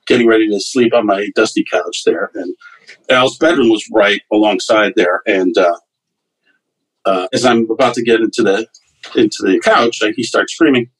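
Husky-voiced man telling stories. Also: on the low side, moderate pace, rough recording. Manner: loose anecdotal, lots of fillers and restarts. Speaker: comedian guest. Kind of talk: casual storytelling interview.

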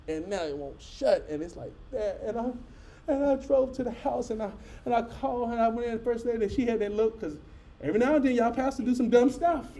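Middle-aged preacher, high mellow voice, animated folksy storytelling, talks straight to the congregation. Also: male voice, fairly quick. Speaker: pastor. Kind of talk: storytelling sermon.

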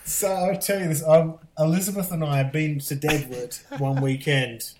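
A man's voice: fairly high pitch, fairly even intonation, normal speed. Uk guy with a worn-down mixed accent, just chatting, stutters into sentences a lot, slight hiss behind him. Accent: mixed British and American. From United Kingdom. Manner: chatty storyteller, repeats words when starting sentences. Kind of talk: casual chat.

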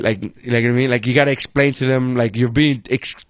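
A man's voice: medium pitch, quick pace, dry recording. Profane man telling stories, dry sound. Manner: profane, animated storytelling. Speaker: podcast co-host. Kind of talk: casual chat.

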